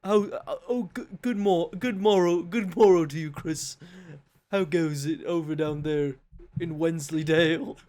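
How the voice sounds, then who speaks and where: A hammy posh British host, as an American man puts him on, fairly high-pitched and drawn out slowly. He stumbles over invented place names and hams up every greeting. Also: steady tone, dark tone. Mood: mock-posh. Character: mock posh British man hosting a show. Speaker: podcast host. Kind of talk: comedic put-on intro.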